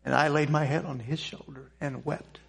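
An older man telling a personal testimony to a church audience, speaking in an earnest, halting way with pauses and restarts. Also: a little high, steady tone, gravelly, fairly bright tone. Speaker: Christian speaker giving a testimony.

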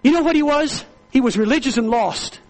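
A man preaches a sermon briskly and fervently, repeating himself and climbing into loud, high-pitched exclamations. The audio quality is poor.

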